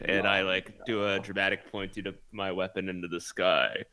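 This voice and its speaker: A man's voice: sits low, little pitch movement, moderate pace, hardly any pauses, bright, forceful tone. A man playing in a tabletop game, thinking aloud and asking questions with some hesitation. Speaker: player. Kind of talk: tabletop role-play chat.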